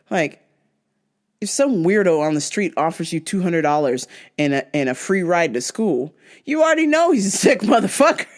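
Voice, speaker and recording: A woman hosting a casual podcast, blunt and profane as she rants about what she has been watching. Her talk is unhurried but her pitch swings widely, and she breaks into laughter often. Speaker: podcast host.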